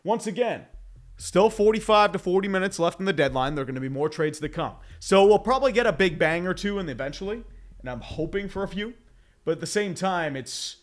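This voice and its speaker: A man's voice: sits high, expressive, fairly quick. Chatty man with stuffy nose. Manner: rambling, chatty, swears, laughs. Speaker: livestream host reading chat. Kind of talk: casual live commentary.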